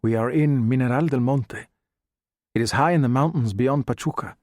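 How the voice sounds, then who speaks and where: A man reading the part of a suave, calm middle-aged Chinese spymaster who speaks with a Spanish accent, soft and unhurried. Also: mid-range voice, dry recording, natural voice.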